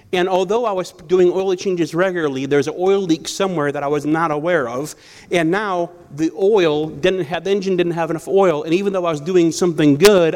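A man with a slightly high, somewhat mellow voice preaches through personal stories. His delivery is conversational and storytelling, with frequent self-corrections and restarted sentences.

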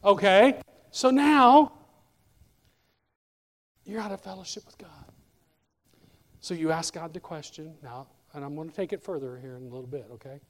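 A male pastor preaching a sermon in a church, animated and speaking directly to members of the congregation by name. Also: on the high side, normal speed, pauses often, in a large hall.

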